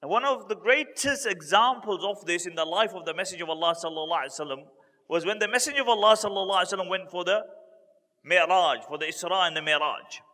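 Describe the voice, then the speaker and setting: A man giving a religious talk as a story, repeating key points for emphasis and building to lively retellings. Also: sits high, fast, in a large hall. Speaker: Islamic preacher.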